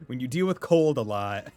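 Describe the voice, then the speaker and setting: A man's voice: mid-range voice, expressive, a little slow, warm tone, dry recording, soft background music. A man from Massachusetts with a Massachusetts accent, chatting casually and rambling as he streams a game, laughing often. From Massachusetts, USA. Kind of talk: casual chat while playing a game.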